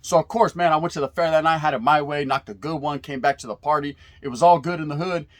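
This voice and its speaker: A man in his forties from California tells old street stories in a relaxed, slangy way, sprinkling in Spanish words and swearing freely. His voice sits a little higher than most men's. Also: quick pace. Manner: laid-back street slang with Spanish words mixed in, frequent profanity and "right?" tags. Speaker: storyteller recalling youth prison days. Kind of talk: casual storytelling.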